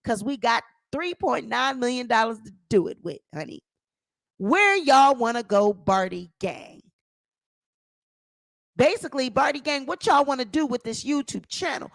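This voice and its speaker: Woman host, high voice, emphatic celebrity gossip commentary. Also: lively intonation, normal speed, gravelly, dry recording. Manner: emphatic, repeats phrases for effect. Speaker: channel host.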